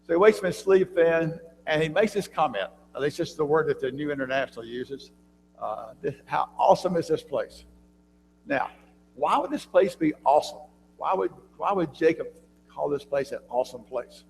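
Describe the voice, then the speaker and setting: A man teaching a church Bible class, talking conversationally, often quizzing his listeners with questions and clearing his throat, recorded in a church room with long reverb and a faint hum. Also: a little high, normal speed. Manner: frequent throat clearing and restarts.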